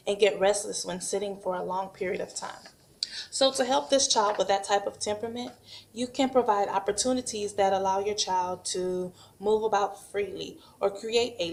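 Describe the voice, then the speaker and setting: A patient woman teacher walks through a toddler craft at home in a slow, encouraging voice. Her voice has a gravelly edge, and a faint hum of noise sits behind it. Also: mid-range voice. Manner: patient, slow and encouraging, models sing-song animal sounds for toddlers. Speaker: preschool teacher. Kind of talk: craft demonstration and parenting tips.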